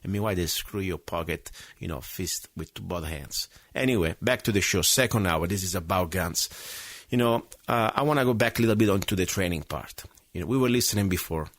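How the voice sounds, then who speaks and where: A man hosting his own radio talk show, speaking in an impassioned, outspoken monologue that swings from loud emphasis to low asides. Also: a little fast, no echo.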